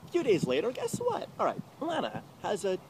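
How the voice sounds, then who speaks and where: A man's voice: high-pitched, wildly swooping pitch, a little fast, over music, rough recording. A man telling a story in an agitated, profanity-filled rant, heard in an archived clip. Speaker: YouTuber. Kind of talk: ranting storytelling.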